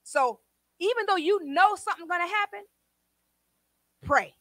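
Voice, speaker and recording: A woman a sermon, testifying with swings from quiet talk to shouted praise. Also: extremely high pitch, animated, unhurried, dry recording. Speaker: preacher.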